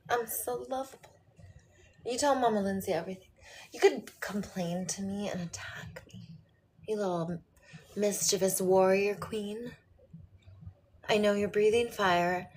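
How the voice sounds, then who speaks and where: A middle-aged woman speaking tenderly to her viewers like a mother, often sinking to a whisper and then bursting out loud. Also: mid-range voice, slight background noise. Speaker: host talking to her viewers. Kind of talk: intimate motherly address to viewers.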